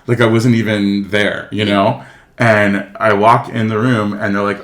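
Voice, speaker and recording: A man in his forties, a podcast guest, telling animated stories and acting out the people in them. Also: on the low side, unhurried. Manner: animated storyteller acting out quotes, swears freely. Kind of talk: casual storytelling chat. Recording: roomy echo.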